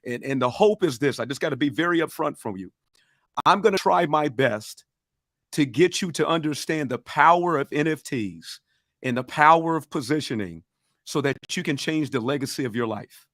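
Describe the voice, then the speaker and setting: A man's voice: a little high, animated, normal speed, fairly bright tone, no room sound, clean studio sound. A man with a Southern accent, coaching a livestream audience in a fired-up, preacher-like way and urging them to respond. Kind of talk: motivational teaching on a livestream.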